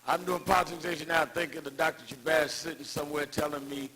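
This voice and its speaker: Gravelly, forceful older man orating. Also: on the high side, steady tone, a little fast, low-quality recording. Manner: emphatic, preacher-like cadence with anecdotes. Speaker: speaker at a civil rights tribute. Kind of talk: rousing public speech.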